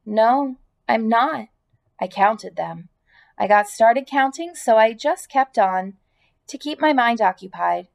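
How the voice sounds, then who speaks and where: A woman reading aloud, voicing a gentle, weary female spider who speaks softly and slowly in a weak voice. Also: fairly high pitch, lively intonation, creaky, muffled recording, heavily acted. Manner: soft, slow and weak.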